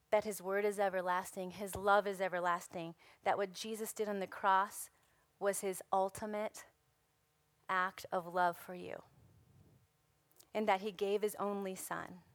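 Woman, hoarse voice, slow sermon, earnest and emphatic, dry close sound. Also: mid-range voice, dry recording. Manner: earnest, emphatic preaching with repetitions. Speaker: women's ministry speaker.

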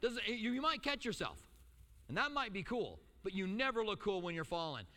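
A middle-aged male pastor preaching a sermon, telling stories with lively asides and acting out the quotes. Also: sits high, moderate pace, in a large hall. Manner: animated storytelling with acted-out quotes and asides.

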